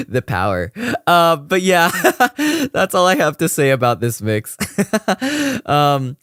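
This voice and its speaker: A young adult streamer reviewing a cover mix chats casually with viewers, rambling, filling gaps with fillers and laughing a lot in a giggly, gushing way. Her mid-range voice is a bit bright, extremely slow, and swings hugely in pitch. The sound is dry and studio-clean.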